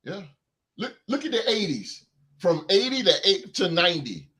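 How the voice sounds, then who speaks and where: A sports podcast host with a sharp, high-pitched voice and big pitch swings rants at a moderate pace, emphatically repeating phrases for effect. He then reads sports news aloud.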